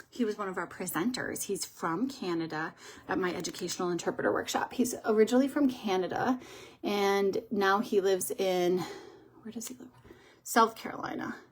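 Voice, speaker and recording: A woman's voice: medium pitch, normal speed, breathy edge. A woman chatting casually on a livestream as she does her makeup, telling rambling stories as she goes. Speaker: makeup artist and livestream host. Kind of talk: casual livestream chat while doing makeup.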